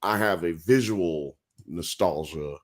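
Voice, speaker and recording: A man's voice: sits low, takes it slowly. A man hosting a casual late-night podcast, talking in loose, profane slang and often laughing. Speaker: podcast host.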